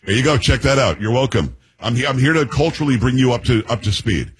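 A man's voice: mid-range voice, expressive, fast, poor audio. Chatty American man hosting a talk show. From United States. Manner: chatty, restarts, sarcastic asides. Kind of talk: casual political commentary.

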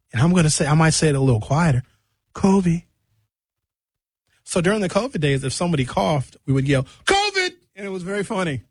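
A man hosting a radio show in casual chat, talking in animated, rambling comic riffs from a studio microphone. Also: mid-range voice, husky, dry recording.

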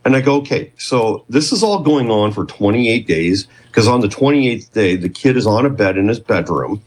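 A husky man in his fifties sits as a guest, spinning a rambling story. His lowish voice keeps breaking off and restarting as he piles on detail. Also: normal speed, poor audio. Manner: rambling, self-interrupting, animated storyteller. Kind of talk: casual interview storytelling.

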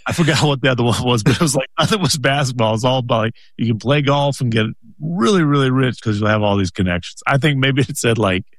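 A man's voice: mid-range voice, quick pace, hardly any pauses, dry recording, studio quality. A man co-hosting a casual chat, playful and teasing, laughing often.

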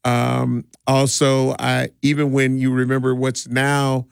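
A man's voice: medium pitch, completely flat delivery, slow, gravelly, clean tone, dry recording, clean studio sound. A middle-aged man from Milwaukee, a DJ who organizes community parties, telling stories in an easygoing way, with laughs and many restarts. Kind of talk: casual interview storytelling.

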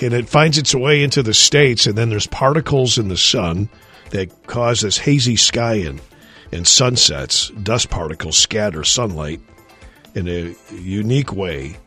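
A man's voice: lowish voice, sharp tone, slightly rough. A man co-hosting a radio show in a studio, chatting casually and thinking aloud as he rambles. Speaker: radio morning show co-host.

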